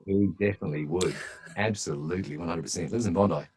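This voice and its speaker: A man's voice: sits low, fast talker, darkish tone, slight background noise, rough recording. A man speaking as a guest on a podcast interview, telling stories in a chatty, enthusiastic way.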